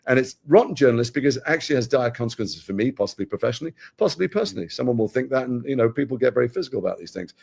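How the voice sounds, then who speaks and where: A middle-aged man from Britain talks at a brisk, rapid clip as an interview guest. He sounds animated and chatty, tossing in quick asides between his stories. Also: mid-range voice, creaky, slightly rough. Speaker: actor guest. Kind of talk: casual interview chat.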